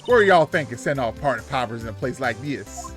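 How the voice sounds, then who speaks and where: A man voicing a brash Southern country woman photographer with an American Southern accent and a loud, feisty drawl. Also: medium pitch, animated, fast talker, soft background music, lightly acted.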